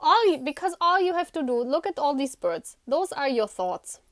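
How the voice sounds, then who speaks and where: A woman's voice: high-pitched, big pitch swings, moderate pace, no echo, studio quality. Chatty, giggly woman giving a tarot reading. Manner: talks directly to the viewer, repeating "you know". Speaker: tarot reader. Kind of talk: casual tarot reading to camera.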